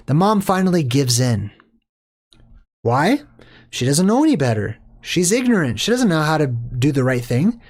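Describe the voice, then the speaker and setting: A male movie commentary host who talks in a loose, rambling monologue. He lectures his viewers in a preachy way and keeps circling back on himself, at an ordinary, mid-range pitch for a man. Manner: preachy and lecturing, with many fillers and restarts.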